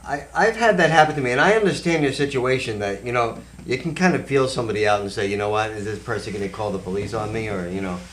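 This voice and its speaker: A psychic medium hosting a talk show tells stories casually and animatedly, acting out the voices in them. He speaks fast in a lowish voice with hardly any pauses, recorded far from the mic in an echoey room with faint noise.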